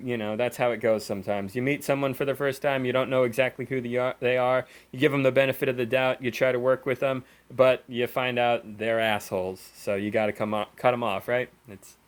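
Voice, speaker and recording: A young man rants in a casual vlog, swearing freely and slipping into sarcasm. His voice sits at an ordinary middle pitch, loose and conversational, with many fillers and restarts. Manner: profane, sarcastic ranting with frequent fillers and laughs. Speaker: gaming YouTuber.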